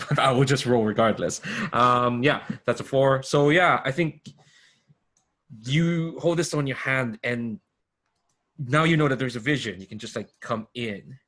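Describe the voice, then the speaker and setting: A man's voice: mid-range voice, fairly bright tone. A man narrating as game master, rambling with many fillers and restarts over a video call.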